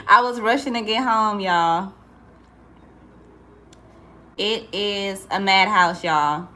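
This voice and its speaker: A woman's voice: mid-range voice, takes it slowly, sharp tone. A woman chatting casually on a livestream, greeting viewers by name and calling them y'all. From St. Louis. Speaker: livestream host and entrepreneur.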